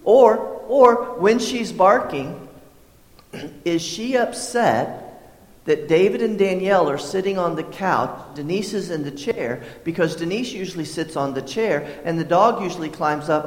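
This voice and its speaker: A man preaching a sermon as pastor, in a conversational way, often repeating words and clearing his throat. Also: fairly high pitch, echoey room, long reverb tail.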